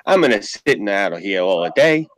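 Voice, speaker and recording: A man's voice: on the low side, sing-song, moderate pace, a bit bright, dry recording, pitched below the performer's own voice, low-quality recording. A man voicing a furious little old immigrant father, ranting in broken English. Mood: indignant.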